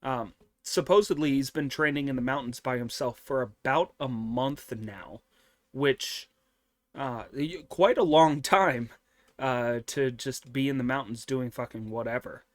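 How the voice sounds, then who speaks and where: Slow, rambling male anime recapper. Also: medium pitch, no echo. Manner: rambling, with many fillers and casual swearing. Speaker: host of an anime review show. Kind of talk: casual episode recap.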